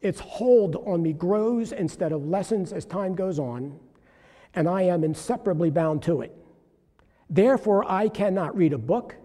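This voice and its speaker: A man's voice: sits high, lively intonation, a little slow, warm tone. Earnest preacher man in a reverberant hall. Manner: earnest storytelling, rising to exhortation. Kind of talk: sermon testimony.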